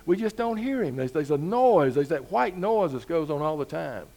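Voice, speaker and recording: A man's voice: fairly high pitch, very animated, moderate pace, warm tone. A man preaching a sermon as pastor, talking to the congregation in an easygoing way with rhetorical questions and rising emphasis.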